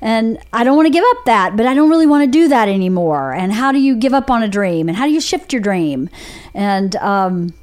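A woman in her forties with a Southern accent from Georgia, hosting a podcast and telling candid stories with lively quoted voices. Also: a little high, brisk. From Georgia, USA. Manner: candid storytelling with animated put-on quotes. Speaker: podcast host. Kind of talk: casual chat.

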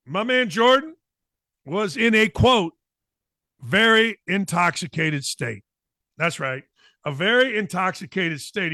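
A middle-aged man hosting a sports talk show, reading odd news stories and riffing on them in a jokey, animated way. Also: high voice, dry recording, studio quality.

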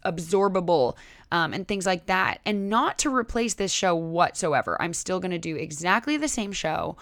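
A young woman with a slightly low voice hosts a solo podcast in a relaxed, chatty way, often checking in with her listeners. The sound is dry and close, with no room around it. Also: clear, resonant tone, dry recording. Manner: casual, chatty, many "right?" and "like". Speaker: podcast host.

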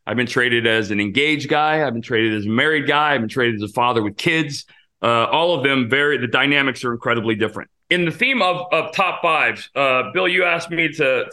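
A man in his fifties tells stories in a loose, rambling way, full of fillers and restarts. His voice is bright and forceful, sitting in a middle pitch. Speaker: podcast host and former pitcher. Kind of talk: casual storytelling monologue.

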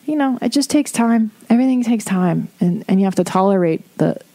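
A woman's voice: medium pitch, lively intonation, fairly quick, warm tone. A middle-aged woman hosting an advice podcast, talking bluntly and casually, swearing and laughing as she rambles. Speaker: podcast host giving advice.

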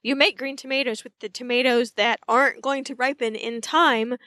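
A woman's voice: a little high, fairly even intonation, moderate pace, pushed and bright, no room sound, studio quality. A woman co-hosting a podcast, retelling scenes in a chatty, amused casual way. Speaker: podcast co-host. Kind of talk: casual recap chat.

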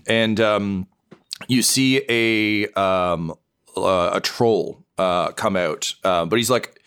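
A man's voice: sits low, steady tone, a little slow, a bit bright, clear, resonant tone. A man as game master, improvising narration with many fillers and restarts. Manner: rambling, many fillers, chuckling.

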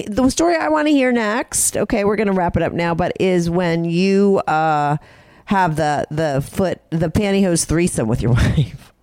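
A man's voice: high-pitched, moderate pace, darkish tone, clean tone, no room sound. A man hosting a call-in podcast, chatting casually and affirming his caller. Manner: easygoing, affirming listener. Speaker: podcast host. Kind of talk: casual interview chat.

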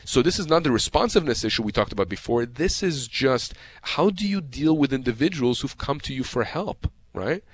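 A man's voice: medium pitch, animated, brisk, hardly any pauses, husky. A man who works as a lawyer, giving advice on a radio show in a passionate, emphatic way and often repeating words. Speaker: personal injury lawyer as guest. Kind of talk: radio call-in advice talk.

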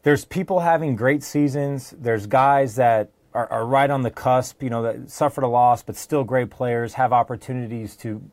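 A man's voice: medium pitch, normal speed, few pauses, no echo. Easygoing male sports analyst. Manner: easygoing, relaxed banter. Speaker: guest analyst. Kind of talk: casual sports talk.

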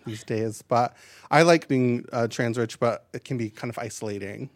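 A man's voice: mid-range voice, normal speed, no echo. A man doing a stand-up comedy set on a live stage into a handheld mic, chatty and self-deprecating with lots of asides.

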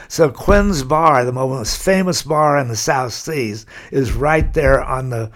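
This older California man has a mid-range, somewhat bright voice and talks at a measured pace with few pauses. As an interview guest, he wanders through lengthy stories, laughing softly as he tells them.

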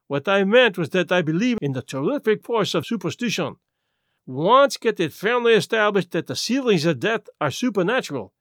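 A man voicing a small, placid detective who speaks gently and precisely. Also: high voice, no echo, clean studio sound.

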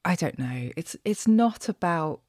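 A woman's voice: lowish voice, expressive, measured pace, darkish tone, no room sound, studio quality. A woman speaking as a podcast guest, laughing readily and agreeing enthusiastically. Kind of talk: casual conversation.

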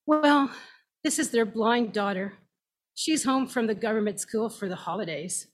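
A woman's voice: fairly high pitch, normal speed, close to an everyday voice. A woman reading a story aloud, voicing a middle-aged male company boss who speaks heartily, like an announcer. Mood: amused.

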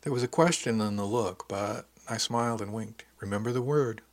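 A man's voice: on the low side, moderate pace. A man narrating a novel in the first person with a dry, wry storytelling manner. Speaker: audiobook narrator.

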